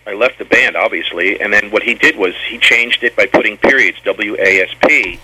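A man's voice: lowish voice, moderate pace, sharp tone, a little hiss or hum, poor audio. A man being interviewed about his old band, telling long stories in a rambling way and often stumbling and repeating words. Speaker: former band member guest. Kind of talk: storytelling interview.

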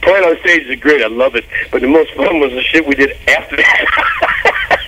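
A man in his fifties, a rock bassist telling stories on a radio interview, loose and animated, swearing casually and drawing out "man.". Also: slight background noise, low-quality recording. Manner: animated storytelling, swearing, laughing, drawn-out "man". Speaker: guest musician.

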